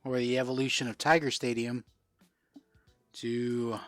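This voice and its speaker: A man's voice: mid-range voice, little pitch movement, unhurried, a bit bright, no room sound, faint music behind. A man from South Florida hosting a casual live-stream card sale, chatting and answering viewer comments as he goes. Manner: chatty, reads out and answers viewer comments while selling cards.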